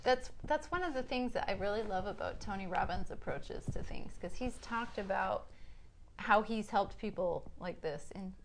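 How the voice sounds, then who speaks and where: A woman's voice: medium pitch, moderate pace, a little hiss or hum. A woman co-hosting a casual parenting podcast. She explains things earnestly, using examples and anecdotes. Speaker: podcast co-host. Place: hotel room in a city.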